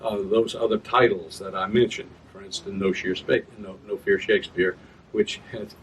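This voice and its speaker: A man with a fairly low, steady voice speaks at a moderate pace while reading his own work in an event room. He chats casually with the audience about verse, uses rhythm sounds to explain, and self-corrects as he goes. The distant mic catches room ambience and slight background noise.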